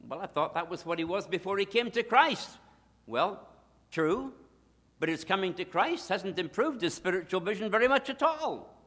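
A man preaching a sermon, emphatic, swinging between loud declarations and hushed asides. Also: high voice, animated, normal speed, in a large hall.

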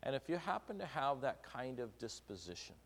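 A man's voice: medium pitch, sing-song, a little fast, breathy edge. A middle-aged man preaching a sermon, talking conversationally, asking the congregation questions and acting out little quotes. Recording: long hall reverb.

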